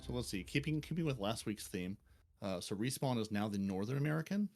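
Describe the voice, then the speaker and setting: A man co-hosting a gaming podcast with deadpan joking asides in casual chat. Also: lowish voice, brisk, over music. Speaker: podcast co-host.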